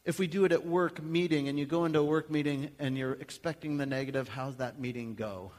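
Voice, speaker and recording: A male pastor preaching a sermon in a conversational, animated way, acting out little everyday scenes. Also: on the high side, fairly quick. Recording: long hall reverb.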